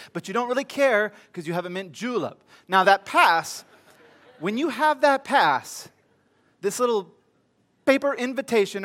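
A man's voice: high-pitched, a bit bright. A middle-aged man preaching a sermon, telling a funny story with comic asides to his congregation before reading scripture. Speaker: pastor.

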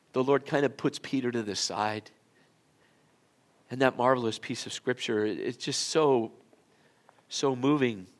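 A male pastor giving a sermon in an auditorium. He tells the story in a relaxed, folksy way, often swinging from loud to quiet. His voice sits in a mid-range pitch. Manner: conversational, folksy storytelling with big swings in loudness.

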